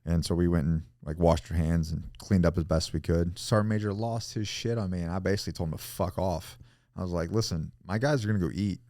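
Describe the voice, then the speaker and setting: A man's voice: sits low, quick pace, mellow, dry recording, clean studio sound. A man in his thirties hosting a casual, profane podcast interview and telling a story. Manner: casual, profane, agreeable with frequent yeahs. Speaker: podcast host.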